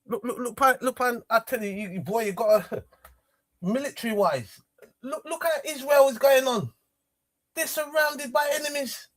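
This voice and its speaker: A man's voice: very high voice, moderate pace, bright, forceful tone. A man talking in a rambling, repetitive and emotional way, streaming outdoors near trees. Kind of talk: casual rambling monologue.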